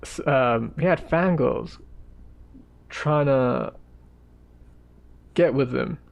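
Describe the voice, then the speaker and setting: A man's voice: mid-range voice, very slow, creaky. A man chatting casually and rambling while he sketches on a live stream. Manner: rambling, laid-back, trails off to mutter while sketching. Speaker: art streamer. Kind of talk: casual chat while drawing.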